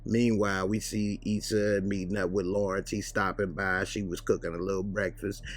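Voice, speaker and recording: A man's voice: low-pitched, little pitch movement. A man casually recapping a TV episode, retelling scenes in a loose, conversational way. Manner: loose, conversational retelling with quick acted quotes. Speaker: TV show reviewer.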